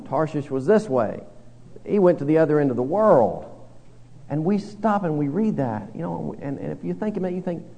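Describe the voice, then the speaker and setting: A man's voice: on the high side, mellow. A man preaching a conversational sermon, reading verses aloud and talking them through with his congregation. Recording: long hall reverb.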